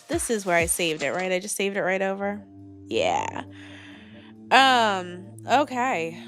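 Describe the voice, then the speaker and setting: A woman's voice: medium pitch, sing-song, unhurried, fairly bright tone, soft background music. A woman VTuber streamer in casual live-stream chat from her attic on a new microphone, rambling and greeting viewers by name. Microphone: new studio microphone.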